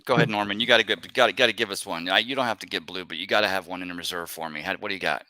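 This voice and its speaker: A man's voice: deep voice, steady tone, racing, pushed and bright, no room sound, poor audio. A middle-aged man hosting a live sports talk show, jokey and rambling, laughing often. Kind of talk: casual live show banter.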